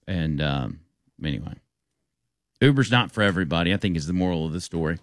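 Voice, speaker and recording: Animated man telling a story. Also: low-pitched, fairly quick, dry recording. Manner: animated, acts out the people in his stories. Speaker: radio talk show host. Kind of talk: casual storytelling.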